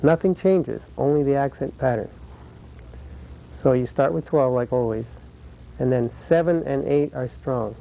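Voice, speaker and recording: A man teaching flamenco guitar, explaining rhythm patterns patiently and counting beats aloud slowly. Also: mid-range voice, creaky, warm tone, poor audio. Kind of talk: instructional lesson.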